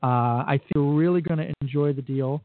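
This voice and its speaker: A fairly high-voiced man hosting a live radio show, talking in a loose, rambling, enthusiastic way. The sound is tinny and phone-like, with very little room echo. He tells stories and plugs deals easily. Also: a little fast. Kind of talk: casual on-air chat. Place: resort restaurant on location.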